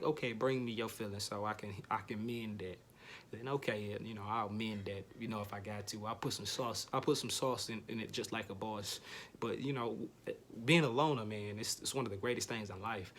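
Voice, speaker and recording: Slangy man with a gravelly voice. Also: a little fast, slight background noise. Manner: slangy, repetitive, animated, jumps into higher voice. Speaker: vlogger. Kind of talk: casual motivational monologue.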